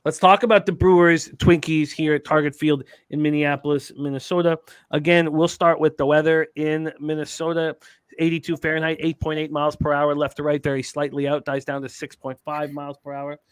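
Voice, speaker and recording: A man's voice: on the high side, level tone, fairly quick, clear, resonant tone, no room sound. A man hosting a live sports betting show, reading stats and chat comments with frequent fillers.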